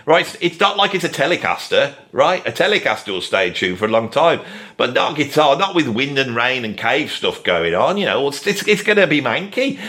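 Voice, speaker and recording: A man's voice: on the high side, pushed and bright. A man giving ranting, sarcastic commentary on music as a video host. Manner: sarcastic, exasperated.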